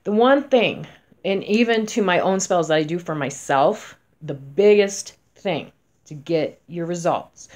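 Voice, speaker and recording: A woman in her forties, a spellcaster, talking casually to camera in a chatty, emphatic way, going from loud to soft. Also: lowish voice, expressive, measured pace. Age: 40s.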